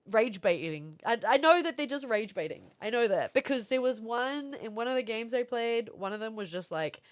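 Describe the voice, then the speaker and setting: A woman talks to her livestream chat in a loose, rambling way. Her voice sits a little high, and she laughs often and thanks viewers between stories. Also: expressive, moderate pace. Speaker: streamer. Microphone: streaming setup with camera.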